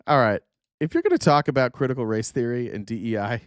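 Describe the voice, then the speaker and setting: A man hosting a political commentary stream, sarcastic and animated as he reacts to clips. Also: medium pitch, no echo, clean studio sound. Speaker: streamer host.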